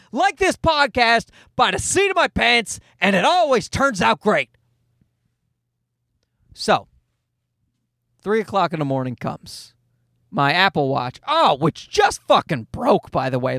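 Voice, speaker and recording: A man's voice: sits high, fairly bright tone, dry recording, studio quality. A man in his thirties hosting a casual solo podcast, telling a story in a profane, self-mocking way. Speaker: podcast host.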